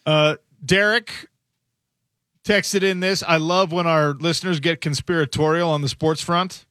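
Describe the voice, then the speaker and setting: A male sports radio host talks through the news in a casual, musing way, thinking aloud as he goes. His voice sits a bit high and rings bright and forceful. The studio mic is close and dry. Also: fairly even intonation, a little slow, no echo. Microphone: studio microphone.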